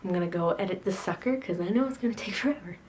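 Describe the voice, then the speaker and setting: A woman's voice: lowish voice, rapid-fire, darkish tone. A teenage girl in a casual video blog, sassy and self-mocking, rambling about her day with frequent laughs. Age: teens. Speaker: video blogger. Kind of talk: casual chat to camera.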